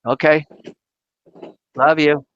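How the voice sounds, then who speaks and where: A man's voice: on the high side, level tone, slow pace, lo-fi sound, slight background noise. A man hosting a live crafting stream, chatting casually while he works, often restarting and repeating words. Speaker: crafting channel host.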